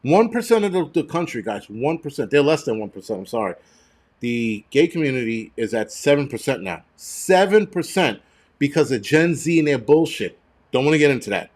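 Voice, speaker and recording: A man's voice: medium pitch, big pitch swings, moderate pace, a little mellow. A man hosting a live stream, ranting angrily and bluntly, swearing constantly and stumbling over restarts and repeated words. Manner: angry, profane and blunt. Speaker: livestream host.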